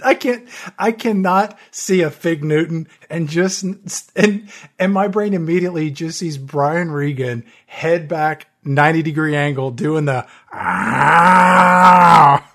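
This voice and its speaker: A man with a fairly high voice riffs on a film in relaxed podcast conversation. He makes dry, sarcastic jokes and wry asides throughout. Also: measured pace. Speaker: podcast co-host. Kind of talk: casual movie-review chat.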